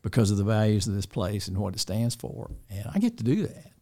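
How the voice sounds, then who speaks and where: An older man speaks in a dark, mellow, slightly low voice. He rambles easily, circling back and restarting his sentences, with a good-natured warmth in how he talks. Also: very animated, a little fast. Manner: rambling, warm-hearted, with many restarts and chuckles. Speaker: school dean interviewed by students. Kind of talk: casual interview chat.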